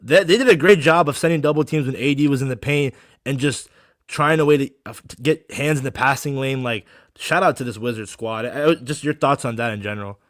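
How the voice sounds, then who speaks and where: A man's voice: mid-range voice, fairly quick, fairly bright tone, no echo, studio quality. A man co-hosting a sports podcast, talking in an eager, conversational way. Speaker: podcast co-host. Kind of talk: casual sports podcast chat.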